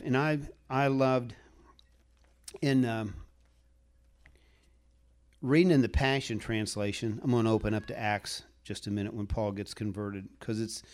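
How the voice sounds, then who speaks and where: A man's voice: mid-range voice, darkish tone. Folksy rambling male preacher. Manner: folksy, rambling, chuckles often, asks for a show of hands. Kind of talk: sermon.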